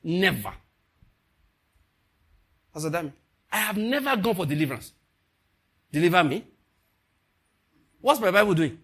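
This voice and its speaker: A Nigerian man preaches with high, husky energy. He laughs often and swings between hushed asides and loud, soaring exclamations. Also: very animated, a little slow, pauses often. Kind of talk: sermon.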